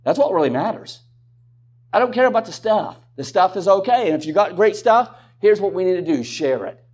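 Lively man preaching a sermon. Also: high voice, fairly quick, slightly rough. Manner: conversational, rhetorical questions, joking asides.

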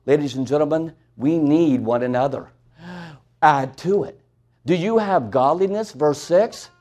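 Preacher, male, high-pitched, impassioned sermon that drops to near-whispers. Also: unhurried. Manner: impassioned preaching that swings from loud to hushed.

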